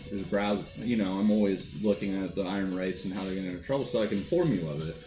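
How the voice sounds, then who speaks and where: Laid-back low-voiced man playing a tabletop game. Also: quick pace. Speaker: player. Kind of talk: in-character tabletop play. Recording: roomy room with faint music.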